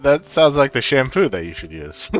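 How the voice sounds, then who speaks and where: A man's voice: medium pitch, big pitch swings, normal speed, faint music behind, natural voice. A man voicing a friendly townsperson in a game stream, easygoing and chatty. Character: friendly male townsperson who loves walking.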